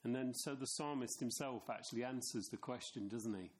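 A middle-aged man preaching a sermon, telling stories from his own life in a relaxed, chatty way. He turns to his listeners with asides and small questions. His voice sits at an ordinary male pitch. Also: brisk. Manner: conversational, anecdotal, with asides to the congregation.

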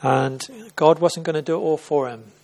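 Speaking at a normal pace in a voice on the high side, fairly even in intonation and darkish in tone, a man gives an informal church sermon. He retells a Bible story conversationally, often restarting and repeating words.

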